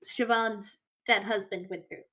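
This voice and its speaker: A woman's voice: mid-range voice, steady tone, unhurried, bright, forceful tone. A woman playing a tabletop game, explaining things in a rambling, self-correcting way. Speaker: player. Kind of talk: casual tabletop game play.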